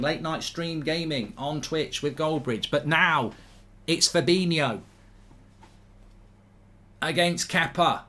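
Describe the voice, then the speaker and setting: Guy hosting a football watchalong, gets worked up and rants, bit of a higher voice. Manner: excitable, swears casually, rants in bursts. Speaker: host of a live football watchalong stream. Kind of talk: live watchalong commentary.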